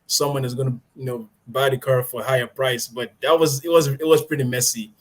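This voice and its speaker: A young man from Nigeria in his twenties is a guest in an interview. He talks in a casual, halting way with lots of fillers and breaks into laughter easily. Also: mid-range voice, fairly even intonation. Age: 20s. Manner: hesitant, many fillers, laughs easily, deliberately adjusted way of speaking.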